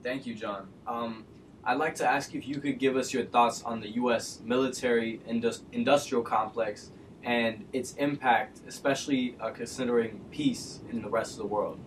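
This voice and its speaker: A man's voice: medium pitch, fairly even intonation, normal speed. A man moderating a public talk, thanking the speaker and politely asking a question. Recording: distant mic with faint background noise.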